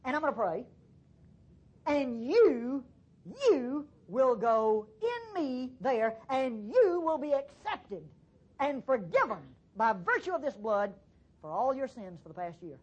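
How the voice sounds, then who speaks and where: A woman voicing a solemn, deliberate high priest. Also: sing-song, a little mellow, slightly rough, muffled recording, exaggerated voice.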